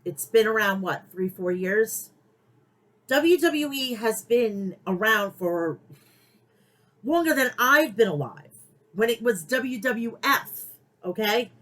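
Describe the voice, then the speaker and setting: This middle-aged woman hosting a podcast speaks slowly and pauses often, her fairly bright, expressive voice sitting on the high side. She rants about pro wrestling bluntly and heatedly, swearing a lot, over poor-quality audio.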